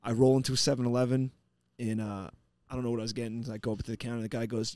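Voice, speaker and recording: A man hosting a podcast, telling stories in a casual, animated way and acting out the people he quotes. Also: mid-range voice, very fast, few pauses, no echo, studio quality. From New York. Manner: animated, acts out quoted people, swears freely. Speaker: podcast host. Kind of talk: casual storytelling chat.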